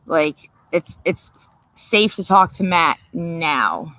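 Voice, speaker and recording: A woman's voice: low voice, lively intonation, slow pace, pushed and bright, low-quality recording. A woman hosting a livestream, rambling, profane and laughing as she chats. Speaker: livestream host. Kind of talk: casual late-night chat.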